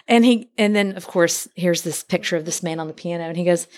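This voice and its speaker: A woman's voice: medium pitch, moderate pace, long pauses. Laughing woman telling her faith story. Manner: animated storytelling, acts out quoted voices, laughs often. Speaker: podcast guest. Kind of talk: personal testimony.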